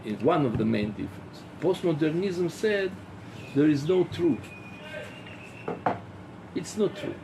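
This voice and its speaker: Rabbi giving a lecture, slow and halting, lively pitch, a bit of fry. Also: male voice, noisy background. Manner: halting, with many fillers and restarts; rhetorical, acts out dialogues. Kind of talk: philosophy lecture.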